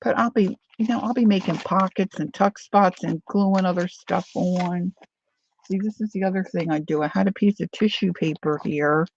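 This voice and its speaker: A woman's voice: on the low side, normal speed, muffled recording, a little hiss or hum. A woman chatting casually to viewers while she works on a paper craft journal, talking things over with herself as she goes. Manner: chatty, reads viewer comments aloud. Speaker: craft vlogger.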